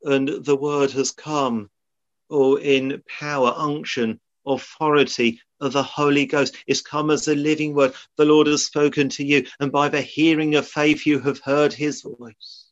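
A man's voice: a little high, little pitch movement, unhurried. A man preaching a sermon in a solemn, earnest way, often quoting old scripture. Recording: dull lo-fi sermon recording.

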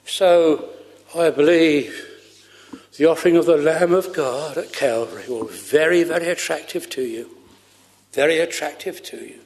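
A man's voice: on the high side, big-room sound. A man preaching a sermon fervently, repeating his phrases for emphasis.

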